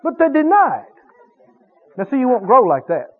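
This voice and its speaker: A man preaching a sermon, emphatic and animated, stretching key words for effect. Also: extremely high pitch, moderate pace, breathy edge. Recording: tinny phone-like radio broadcast.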